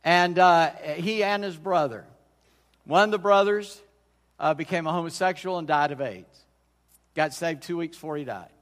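In a church sanctuary, a middle-aged man delivers a sermon as pastor at a normal speed, his pitch fairly high and his tone a bit bright. He talks in a folksy, conversational way, frequently starting sentences over, while long hall reverb trails behind him.

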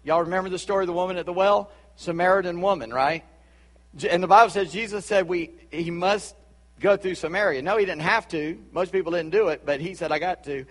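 A man with a Charleston Southern accent preaching a sermon as a pastor, chatty with asides and quick laughs. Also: sits high, a bit bright, big-room sound. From Charleston, South Carolina.

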